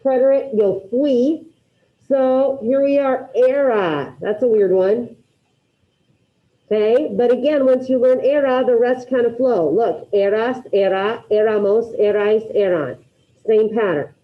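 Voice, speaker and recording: A woman's voice: a little high, measured pace. Upbeat woman teaching a class, lo-fi. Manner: upbeat, drills repetition, asks students questions. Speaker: Spanish teacher. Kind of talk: classroom grammar lesson.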